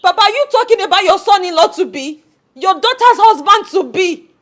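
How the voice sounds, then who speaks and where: Emotional young Nigerian fiancée, very high, pleading. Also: female voice, sing-song, normal speed, a bit bright, exaggerated voice. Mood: indignant. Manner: wailing, pleading. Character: distraught young woman, engaged, emotional. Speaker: grieving fiancée. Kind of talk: film acting.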